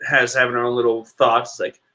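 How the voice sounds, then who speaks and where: A man giving casual, excitable commentary while reading a comic chapter, rambling and laughing often. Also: medium pitch, a little fast. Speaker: manga reaction vlogger.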